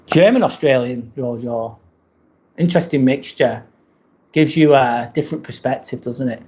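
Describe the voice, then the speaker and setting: A man's voice: mid-range voice, moderate pace, mellow. Chatty English man on a live stream. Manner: chatty, reads out viewer comments and answers them. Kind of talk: casual live-stream chat. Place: rented apartment indoors.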